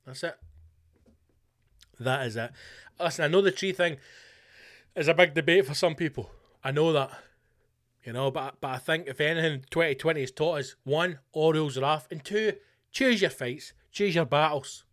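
A man's voice: a little high, a little fast, a bit bright. A Scottish man hosting a podcast, delivering a foul-mouthed comic rant with mock-political bluster. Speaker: podcast host. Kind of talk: comedic monologue. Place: home room.

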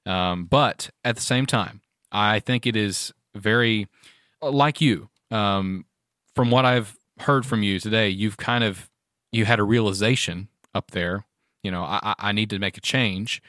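A low-voiced man hosts a relaxed conversation, speaking earnestly and at a measured clip. He fills pauses with ums, and his voice sounds close and dry. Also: no echo. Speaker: podcast host. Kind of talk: casual interview talk. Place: around a table with guests.

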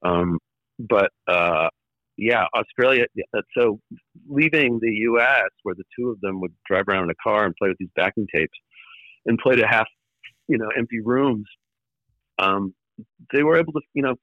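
A man's voice: lowish voice, dry recording. Hesitant man telling stories, lo-fi. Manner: halting, many fillers and restarts, wry laughs. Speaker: former record label executive, guest. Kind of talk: conversational interview storytelling.

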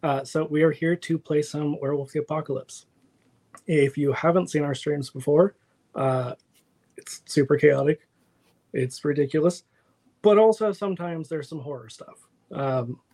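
A man's voice: on the high side, moderate pace, darkish tone. A man acting as storyteller and game master, opening a tabletop stream in a loose, chatty way. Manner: loose, chatty, self-interrupting. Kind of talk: casual stream intro.

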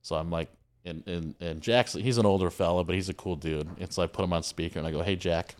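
A man, a podcast guest, chatting casually and telling animated stories, acting out other people's lines. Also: sits low, fast. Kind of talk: casual storytelling chat.

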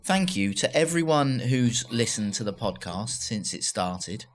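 A man's voice: on the low side, big pitch swings, unhurried. A man co-hosting a podcast in casual chat, easygoing and rambling with many ums. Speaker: podcast co-host.

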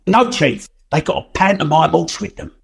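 A man's voice: fairly high pitch, lively intonation, normal speed, gravelly, slight background noise. An actor playing a jokey male police sergeant who laughs along.

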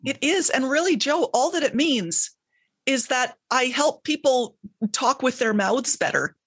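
A woman's voice: high-pitched, expressive, unhurried, fairly bright tone. A woman communication specialist talking as a radio guest in an upbeat, quippy way. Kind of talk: casual radio interview.

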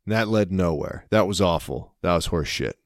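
A man's voice: low voice, normal speed, dry recording, studio quality. A man co-hosting a podcast, chatting casually and telling jokey stories. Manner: jokey, animated storytelling. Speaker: podcast co-host. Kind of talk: casual chat.

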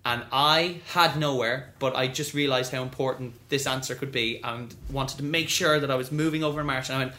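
Animated man in a roomy space. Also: mid-range voice, a little fast, few pauses. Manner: animated, acts out quoted voices. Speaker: guest. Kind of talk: storytelling interview.

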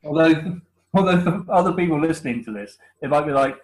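A man's voice: fairly high pitch, brisk, low-quality recording. Teasing man with a West Country accent. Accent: West Country English. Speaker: podcast co-host. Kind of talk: casual chat.

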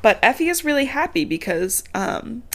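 A woman's voice: a little high, sing-song, normal speed, fairly bright tone. A woman, chatting casually on a podcast as she recaps a book, laughing often and swearing freely. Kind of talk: casual chat.

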